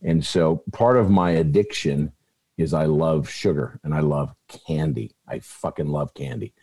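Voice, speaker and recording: A man telling stories in a casual podcast chat, animated, swearing freely and restarting his sentences. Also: very deep voice, a little slow, husky. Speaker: podcast regular. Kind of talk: casual group chat and storytelling.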